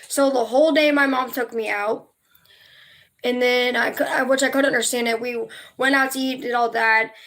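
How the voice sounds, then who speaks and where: A woman's voice: a little high, a bit bright. A young woman talking casually on a livestream, emotional and rambling, swearing freely as she tells a personal story. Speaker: vlogger.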